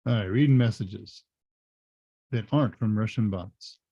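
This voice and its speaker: A man's voice: fairly low pitch, unhurried, warm tone, slightly rough, no room sound, dull audio. Chatty man hosting a live Q&A. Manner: chatty, jokey, thinks aloud. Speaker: live Q&A host. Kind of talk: casual live-stream chat.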